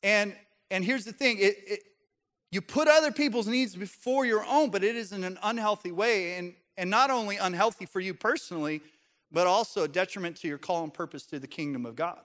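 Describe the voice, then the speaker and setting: High-voiced animated male pastor preaching. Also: brisk. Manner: animated, joking, puts on voices for examples. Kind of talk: sermon. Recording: long hall reverb.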